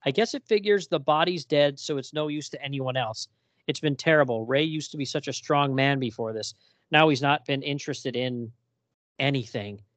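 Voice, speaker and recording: A woman's voice: a bass voice, moderate pace, no echo. A man reading the lines of a weary adult woman trapped in a house, in a plain quoted reading voice.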